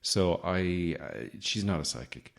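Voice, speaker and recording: Low-voiced male podcast host, sardonic, rambling comic monologue. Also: expressive, unhurried, gravelly.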